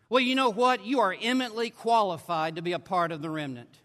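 A man preaching a sermon at a conference, emphatic, swinging between forceful declarations and hushed asides. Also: high-pitched, brisk, few pauses. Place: large conference hall. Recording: long hall reverb.

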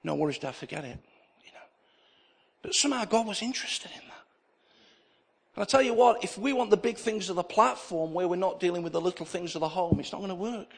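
A man's voice: sits high, lively intonation, brisk, creaky, pauses often, husky. A middle-aged male pastor preaching a sermon, telling stories with acted-out dialogue and repeating key phrases for emphasis. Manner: storytelling preacher who acts out dialogue in anecdotes.

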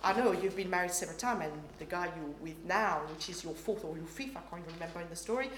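A woman preacher voicing Jesus as a calm, gentle man, speaking softly and reassuringly. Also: on the low side, pitched below the performer's own voice, lightly acted. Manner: soft, reassuring, unhurried. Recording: roomy hall with faint noise.

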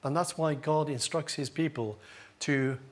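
A man's voice: fairly high pitch, measured pace. A male pastor preaching a sermon to his congregation, with a humorous, self-deprecating manner. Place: church with congregation. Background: congregation laughing.

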